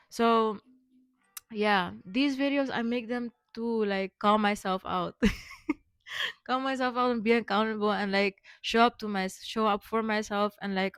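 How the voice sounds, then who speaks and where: A young woman vlogging casually, rambling with many fillers and restarts, speaking warmly affirming words to her viewers. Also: fairly high pitch, no echo, studio quality. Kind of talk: rambling personal vlog.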